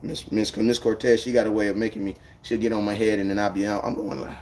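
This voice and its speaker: A man's voice: fairly low pitch, flat delivery, fast. Loose-talking man on a live stream. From United States. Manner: loose, rambling slang, shouting out viewers by name. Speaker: livestreamer chatting with viewers. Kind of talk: casual live-stream chat.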